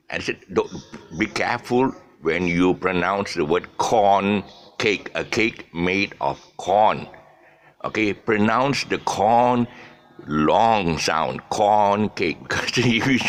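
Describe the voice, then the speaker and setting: A man's voice: low voice, pushed and bright, a little hiss or hum. A man with a Malaysian English accent giving a casual, rambling pronunciation lesson, full of fillers, restarts and jokey asides.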